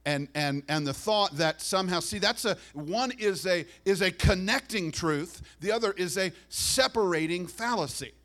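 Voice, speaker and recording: Animated man preaching a sermon. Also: sits high, moderate pace, hardly any pauses. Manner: animated preaching, acting out voices, dropping to soft asides. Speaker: pastor.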